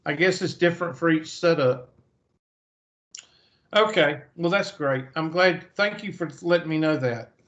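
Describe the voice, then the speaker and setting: A Southern US man teaches math over a video call at a measured pace, his fairly high voice a bit bright. He talks in a chatty way and thinks aloud, with the online lecture sounding muffled.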